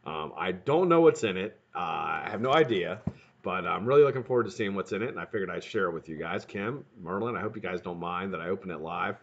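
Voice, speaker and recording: A man hosting a live stream in casual chat, greeting viewers by name and swearing freely, his voice sounding a bit hoarse. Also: sits low, expressive, fast, lo-fi sound. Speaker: livestream host.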